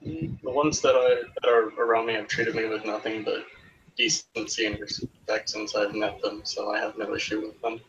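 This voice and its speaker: A man's voice: on the low side, flat delivery, moderate pace, noisy background, natural voice. A man voicing a dignified troll who speaks steadily and courteously. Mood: earnest. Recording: muffled, distant mic.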